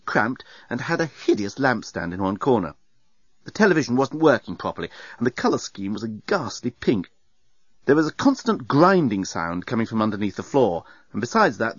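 A man narrating an audiobook in an expressive, wry storytelling way. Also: medium pitch, no echo. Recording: dull, muffled sound.

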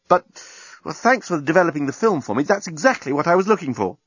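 A man doing an excitable young woman, voice jumping high. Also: fast, breathy edge. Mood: excited. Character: excitable young woman, eager and quick-tempered. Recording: dull lo-fi recording.

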